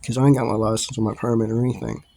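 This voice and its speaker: A man's voice: fairly low pitch, rapid-fire, creaky, warm tone. A man casually telling a story, laughing often and swearing freely, with lots of fillers and restarts. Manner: rambling, with many fillers and restarts.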